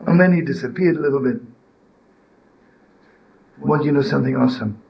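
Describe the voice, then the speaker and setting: An older man giving an informal religious teaching, telling stories and asking "right?" and "you know?" to his listeners, rising to loud scolding when he acts out a harsh inner voice. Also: mid-range voice, fairly quick, creaky, muffled recording. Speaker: rabbi and storyteller.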